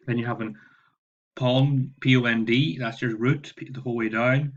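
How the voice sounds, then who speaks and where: A man's voice: mid-range voice, fairly even intonation, moderate pace, highs cut off. A man teaching Spanish, walking his class through homework and patiently spelling out verb endings letter by letter. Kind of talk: online homework walkthrough.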